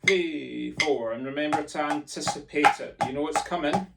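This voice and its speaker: Gravelly drum teacher, distant. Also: male voice, fairly high pitch, normal speed, over loud music. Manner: encouraging, jokey, chants sticking patterns aloud. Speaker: drumming teacher. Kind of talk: instructional lesson, counting in and calling rudiments. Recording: distant mic with loud drumming behind.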